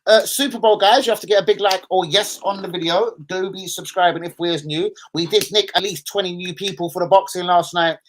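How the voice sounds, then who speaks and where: A man's voice: sits high, steady tone, fairly quick, hardly any pauses, slight background noise. A man hosting a football live stream, rambling casually, swearing and bantering with his viewers.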